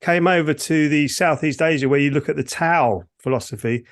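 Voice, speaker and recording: Gravelly-voiced man explaining Ki Gong. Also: a little high, normal speed. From United Kingdom. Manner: rambling, self-correcting explanations. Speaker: Ki Gong teacher and co-host. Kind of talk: casual podcast explanation.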